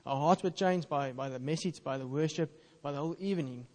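A man's voice: a little high, fairly quick, a little mellow, in a large hall. A man, an Afrikaans speaker, preaching a sermon in an earnest, conversational way and reading scripture aloud.

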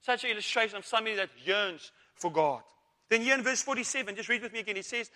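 A man's voice: high-pitched, quick pace, sharp tone. A man preaching a sermon, asking rhetorical questions, calling for amens and repeating words as he goes. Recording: long reverb of a church hall.

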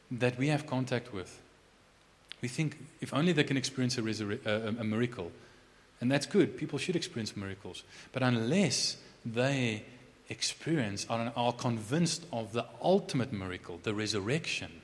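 Impassioned preacher with lively pitch swings. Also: male voice. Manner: swings from hushed intensity to loud, emphatic proclamation; repeats key phrases for emphasis. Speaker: pastor. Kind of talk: sermon. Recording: long reverb of a large hall.

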